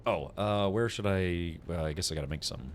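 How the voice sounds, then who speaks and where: A man's voice: low voice, moderate pace, a little hiss or hum. Rambling, laughing man streaming a game. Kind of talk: casual gaming stream chat.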